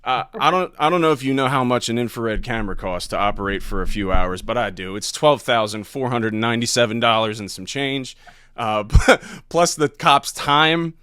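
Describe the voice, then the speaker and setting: A man's voice: medium pitch, normal speed, sharp tone, clean tone, no room sound, studio quality. A man who does stand-up, telling a story as a podcast guest in a laid-back, profane way. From Ohio. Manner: laid-back, profane, laughs between lines. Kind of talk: casual storytelling.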